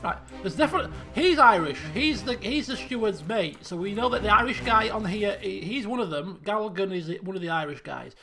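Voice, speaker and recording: A man's voice: high voice, lively intonation, brisk, gravelly, few pauses, music in the background. A man streaming a game, thinking aloud in casual commentary and repeating himself as he works things out. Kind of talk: casual let's-play commentary.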